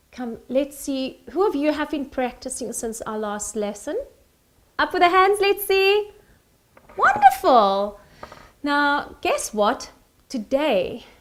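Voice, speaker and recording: A cheerful young woman leads a children's recorder lesson in a high, bright voice. Her pitch swoops up and down with lively melody, and she takes her time over each phrase. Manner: cheerful, sing-song, speaks slowly to children. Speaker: music teacher.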